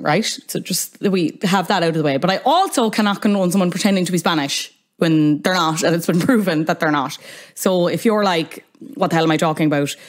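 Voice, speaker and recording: Chatty Irish woman hosting a podcast. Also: lowish voice. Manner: chatty and wry, with asides. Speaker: podcast host. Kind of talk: casual podcast monologue.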